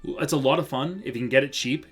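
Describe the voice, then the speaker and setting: A man's voice: medium pitch, fast, breathy edge, faint music behind. Casual, rambling male streamer. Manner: casual, rambling, laughs easily. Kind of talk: live gameplay commentary.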